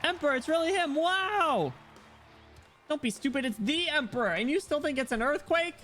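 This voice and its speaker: A man voicing an excited, flustered young concert fan in a game story. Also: extremely high pitch, fairly quick, faint music behind, pitched above the performer's own voice.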